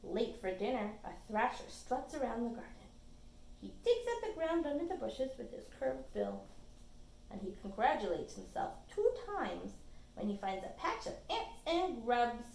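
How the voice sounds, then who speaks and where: A woman librarian leads a storytime read-aloud, her voice pitched high and full of lively swoops. She reads expressively and breaks off for chatty asides to the children. The sound carries a noticeable room echo. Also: normal speed, creaky, a little hiss or hum.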